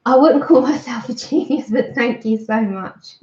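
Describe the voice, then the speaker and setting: A woman's voice: a little high, normal speed, darkish tone. A woman chatting casually to her livestream viewers while she colours, thanking them by name. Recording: dull lo-fi stream audio.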